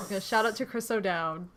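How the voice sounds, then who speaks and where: A woman's voice: medium pitch, normal speed, a bit bright. A woman streamer hosting a movie night, chatting casually and rambling, laughing often as she talks over the film.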